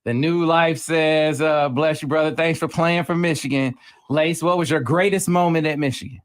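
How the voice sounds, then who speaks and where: A man's voice: a little high, steady tone, moderate pace. Man host reading viewer questions. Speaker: sports radio host.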